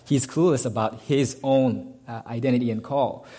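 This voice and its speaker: A man preaching to his congregation, in a voice neither high nor low. He explains the passage point by point and stumbles over restarts and fillers as he goes. When he reads the text aloud, he leans hard on its key words. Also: steady tone, moderate pace, mellow. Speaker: pastor. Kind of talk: sermon.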